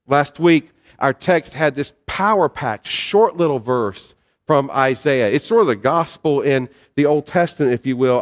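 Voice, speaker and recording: Pastor preaching in a reverberant hall. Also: male voice, fairly high pitch. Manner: conversational preaching with fillers and storytelling. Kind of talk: sermon.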